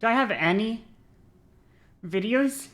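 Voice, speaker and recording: A woman streamer chatting casually, shifting her voice between a lower and a lighter register, with vocal fry. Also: animated, takes it slowly, fairly bright tone. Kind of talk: casual chat while gaming.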